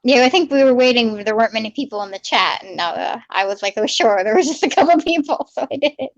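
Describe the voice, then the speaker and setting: A woman's voice: fairly high pitch, animated, fast talker. A friendly woman co-hosting a live stream who keeps agreeing and reads viewers' comments aloud. The audio is a bit dull and lo-fi. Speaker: live-stream co-host reading chat. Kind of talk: casual live-stream chat.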